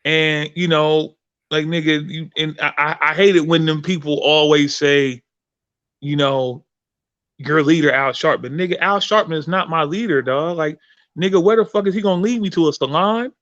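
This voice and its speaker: A man hosting a podcast, telling a story in a profane, animated way with many restarts. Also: on the high side, moderate pace, dry recording, lo-fi sound. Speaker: podcast host and performer. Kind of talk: casual chat, storytelling.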